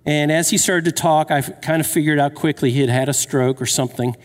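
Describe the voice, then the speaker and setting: A man's voice: a little high, fairly even intonation, fast. A man in his fifties preaching a sermon, telling a personal story and asking the crowd questions, with jokes along the way. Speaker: pastor. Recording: long hall reverb.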